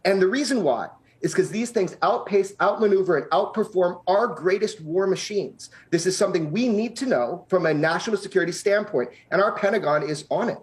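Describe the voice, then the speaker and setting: A man's voice: sits high, expressive, brisk, hardly any pauses. A man speaking as a guest in a televised news interview, explaining confidently and with emphasis.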